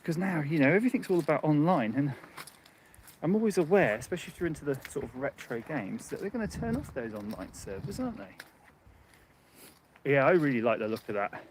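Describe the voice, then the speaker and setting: A man's voice: on the high side, big pitch swings, brisk, a little hiss or hum. A man livestreaming casually on a handheld phone while walking outdoors along a muddy path, rambling and chatty, laughing often. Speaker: livestream host. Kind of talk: casual live chat.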